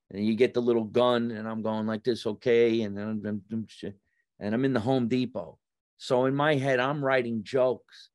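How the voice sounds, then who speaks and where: In a relaxed conversation, a New Jersey comedian guest shares stories with a mid-range voice, animatedly voicing the people he quotes and raising his voice for them. The sound is clean studio audio without room sound.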